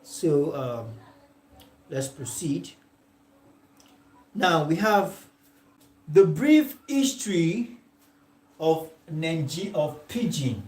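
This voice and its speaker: A man with a Nigerian English accent lectures a class, dictating at a very slow pace and repeating each example word by word. His voice sits a little high. The room around him is roomy and echoing. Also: big pitch swings. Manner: slow and dictating, checks in with "all right?" after nearly every phrase; repeats example sentences word by word for note-taking. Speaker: tutor. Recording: echoey room.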